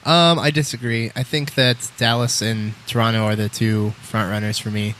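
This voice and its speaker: A man's voice: lowish voice, steady tone, moderate pace, fairly bright tone. A man co-hosting a sports podcast, arguing his picks in earnest. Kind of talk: casual sports chat.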